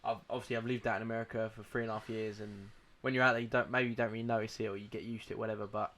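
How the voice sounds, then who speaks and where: A man's voice: lowish voice, level tone, very fast, fairly bright tone. A young man co-hosting a casual football podcast, chatty and rambling, with frequent restarts. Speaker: podcast co-host.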